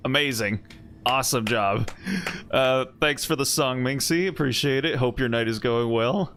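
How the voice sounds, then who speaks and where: A man's voice: medium pitch, normal speed, a bit bright. A man streaming a game and chatting casually, rambling and joking playfully with viewers. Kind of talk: casual live-stream commentary. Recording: stream with faint game music.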